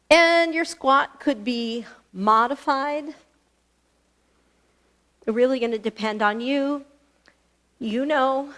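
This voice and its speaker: A woman teaching a live online yoga class, chatty and encouraging, laughing often and a little out of breath. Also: high voice. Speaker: yoga instructor. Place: fitness studio.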